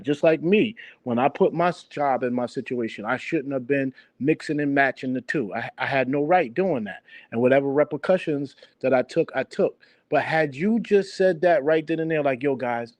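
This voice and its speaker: A man's voice: mid-range voice, no echo. A middle-aged man hosting a heated online talk stream, speaking earnestly and directly, often stumbling and restarting his words. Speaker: stream host.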